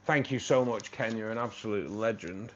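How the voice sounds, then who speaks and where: A man's voice: on the low side, moderate pace. A man hosting a live stream, chatting casually and thanking viewers by name. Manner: chatty, thanking viewers by name, laughs at his own jokes. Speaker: livestream host. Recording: slightly dull stream audio with faint noise.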